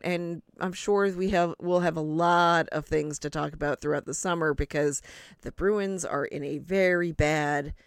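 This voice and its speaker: Woman host for a casual sports podcast, low-pitched, rambling and self-deprecating, very dry close sound. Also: dry recording.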